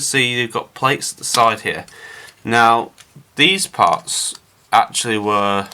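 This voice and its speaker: A man's voice: on the low side, sharp tone. A man casually narrating his scale model build to viewers, chatty and rambling with frequent filler words.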